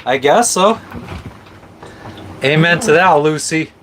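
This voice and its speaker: A man's voice: a little high, lively intonation, takes it slowly, fairly bright tone, a little hiss or hum. A man vlogging casually from a boat, joking around and swearing freely. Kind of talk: casual chat.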